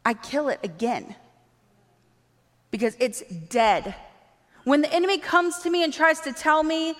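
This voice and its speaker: A woman preaching a sermon, animated and acting out quoted dialogue as she speaks. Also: high-pitched, a little slow, pauses often. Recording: long reverb of a large hall.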